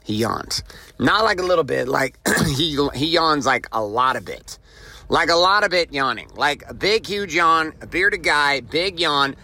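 A man's voice: fairly high pitch, animated, a little slow, bright, forceful tone, no echo, rough recording. A man hosting a motivational podcast, telling a story and repeating his main point with emphasis. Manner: emphatic, repeats key lines. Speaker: podcast host. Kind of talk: motivational monologue.

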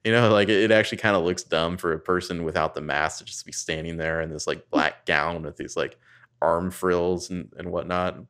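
A man's voice: deep voice, fairly even intonation, brisk, fairly bright tone, clean tone. A man in casual chat, recapping a film with profane, sardonic asides and rambling digressions.

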